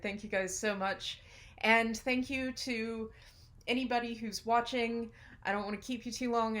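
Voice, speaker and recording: A woman host giving a casual, chatty sign-off and thanking her guests. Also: mid-range voice.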